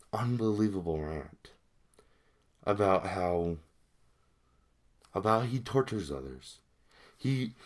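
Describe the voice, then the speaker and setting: Slow, lively low-voiced man rambling. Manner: rambling, addresses viewers directly. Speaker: video creator. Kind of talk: casual commentary on a cartoon.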